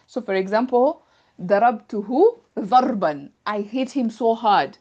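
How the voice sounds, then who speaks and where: A woman's voice: on the high side, animated, normal speed, dark tone, dull audio. A woman teaching Arabic grammar in an online class, explaining patiently step by step with examples over a video call.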